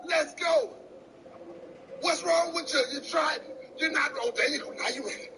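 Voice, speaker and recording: A man vlogging in a loud, scolding, comedic way, out of breath. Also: very high voice, normal speed, noisy background. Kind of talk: casual vlog narration.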